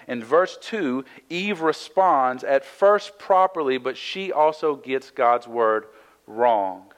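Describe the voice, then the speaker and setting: A man's voice: medium pitch, expressive, measured pace, low-quality recording. A man preaching and teaching through a Bible passage in a conversational sermon, reading verses aloud and explaining them with frequent "right?" asides. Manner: reads scripture aloud then explains it. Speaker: pastor.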